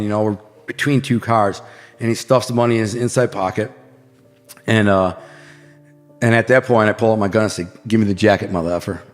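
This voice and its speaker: An American man from the Detroit area, a podcast guest telling crime stories in a casual, animated way and acting out gunshots and quotes. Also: on the low side, big-room sound. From Detroit area, USA.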